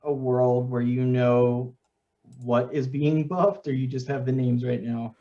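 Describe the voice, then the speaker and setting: A man's voice: mid-range voice, fairly even intonation, measured pace, mellow, lo-fi sound. A man co-hosting a live stream, chatting casually and teasing the host with playful interruptions. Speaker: co-host, pancake artist.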